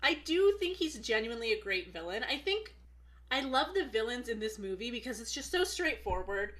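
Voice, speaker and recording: A woman with a bright, fairly high voice co-hosts a film podcast. She speaks with enthusiasm and tells stories about scenes she loves. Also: very animated, normal speed. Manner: enthusiastic, storytelling. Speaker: podcast co-host. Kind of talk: casual chat.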